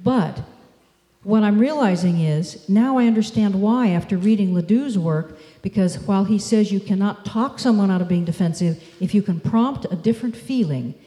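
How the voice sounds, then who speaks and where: A woman's voice: medium pitch, warm tone. Woman speaking in an echoey hall. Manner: measured, demonstrative storytelling. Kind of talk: conference talk.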